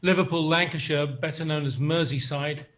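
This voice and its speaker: A man's voice: on the high side, fairly even intonation, moderate pace, a bit bright. Dry-witted English man in his sixties. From England, south of London. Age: 60s. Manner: dry, wry asides between poems. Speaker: guest poet reading. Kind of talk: poetry reading.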